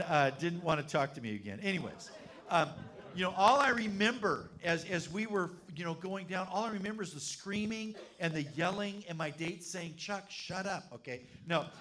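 A middle-aged man preaching a sermon as pastor, telling a funny story with lively energy. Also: fairly high pitch. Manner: animated, humorous storyteller.

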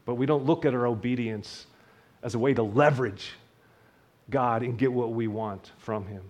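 An earnest man preaches to his congregation, his voice at an ordinary middle pitch. He swells with emphasis on key points, then sinks to a gentle, quiet delivery. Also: normal speed. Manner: earnest, builds up then drops to a soft hush. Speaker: pastor. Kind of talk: sermon.

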